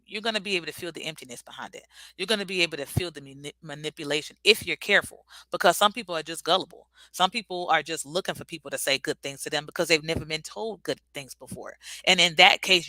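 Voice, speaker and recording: A woman's voice: sits low, sharp tone, no echo. A woman vlogger giving a casual, earnest and reflective motivational talk.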